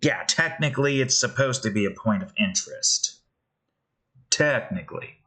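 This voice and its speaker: A man's voice: mid-range voice, animated, moderate pace, sharp tone, poor audio. A man, a game developer, thinking aloud as he builds, muttering hesitantly and questioning himself.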